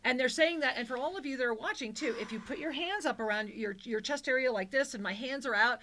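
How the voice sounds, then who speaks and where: A woman hosting a live spiritual call-in show, effusive with endearments and easing into a soft guided-meditation delivery. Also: high-pitched, quick pace, slight background noise. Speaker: spiritual talk show host.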